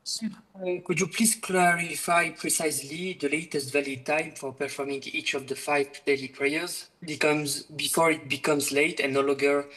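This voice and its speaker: A man's voice: fairly high pitch, fairly even intonation, normal speed, hardly any pauses, bright, forceful tone, rough recording. A man with a French accent calls in to ask a question politely and formally, sometimes searching for his words. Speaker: caller. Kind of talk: asking a question.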